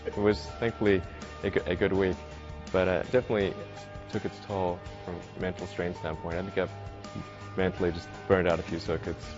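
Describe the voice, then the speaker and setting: Very deep, flat-voiced man stammering through answers. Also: over music. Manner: halting, stammers and restarts. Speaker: interviewee. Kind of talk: interview answers. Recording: dull lo-fi interview audio.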